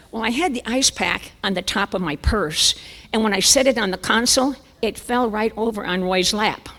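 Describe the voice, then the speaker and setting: A woman's voice: medium pitch, vocal fry. Older woman in her 70s, conference speaker, self-mocking humor, reverberant church sanctuary. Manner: lively, self-mocking, chuckling storyteller. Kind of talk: humorous storytelling talk.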